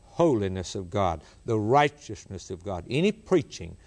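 A man's voice: very animated, moderate pace, darkish tone. Emphatic male preacher quoting scripture. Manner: emphatic, rising high on scripture quotes, repeating key phrases. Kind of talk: sermon.

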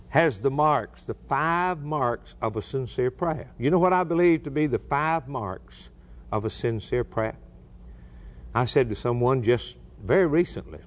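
A middle-aged man preaching a sermon with passion, asking rhetorical questions and repeating phrases, dropping low and then rising into raised cries.

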